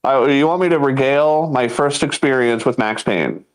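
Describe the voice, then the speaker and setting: A man in his thirties with a mid-pitched voice, co-hosting a loose comedy podcast. He tells stories in an animated way, acts out what people said and often breaks into laughter. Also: moderate pace, clean tone. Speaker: podcast co-host. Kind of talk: casual comedic chat.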